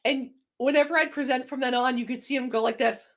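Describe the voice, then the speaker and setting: Energetic young woman host, fast and chatty, slightly high voice. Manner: fast, energetic, lots of fillers. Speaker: host of a banking livestream show. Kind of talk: casual livestream chat.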